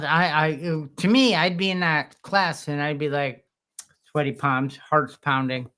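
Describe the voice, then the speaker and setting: A man co-hosting a podcast who tells personal stories in a lively, self-mocking way and clears his throat now and then. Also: fairly high pitch, measured pace. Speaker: podcast co-host. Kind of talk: candid podcast conversation.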